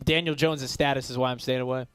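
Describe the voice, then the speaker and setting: A man's voice: mid-range voice, steady tone, fast talker, a bit bright, clear, resonant tone, no room sound. A man co-hosting a casual sports betting talk show in a radio studio, chatty and emphatic, laughing often.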